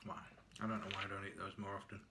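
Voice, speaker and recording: Male vlogger, lowish voice, chatty and self-deprecating, faint hiss on the track. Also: little pitch movement, very fast. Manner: chatty, self-mocking, chuckles often. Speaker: cooking vlogger. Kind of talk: casual cooking and eating vlog.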